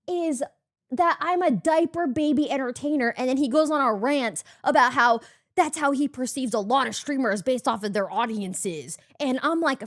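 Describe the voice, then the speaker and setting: A young woman, a streamer and podcast host, telling a story in casual chat and acting out her own reactions. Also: moderate pace. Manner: animated, jumps high when acting out her own reactions.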